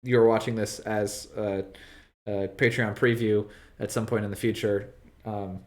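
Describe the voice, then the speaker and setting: A man co-hosting a casual game stream, laid-back and laughing often with halting restarts. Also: lowish voice, level tone, a little mellow. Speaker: streamer, co-host. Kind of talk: casual gameplay chat.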